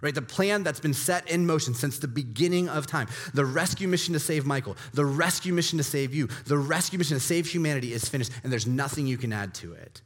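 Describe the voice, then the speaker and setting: Guy preaching a sermon in a big echoey church, goes loud then drops real quiet, mid pitch. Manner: dramatic swings between loud emphasis and hushed low delivery. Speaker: pastor. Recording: long reverb of a large hall.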